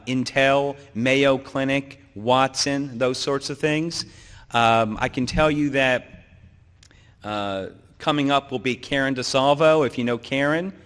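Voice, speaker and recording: Middle-aged male keynote speaker, sore throat, frequent throat clearing, reverberant hall. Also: medium pitch, a bit bright. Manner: joking, clears throat often. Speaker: conference speaker. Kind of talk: conference talk. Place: conference hall.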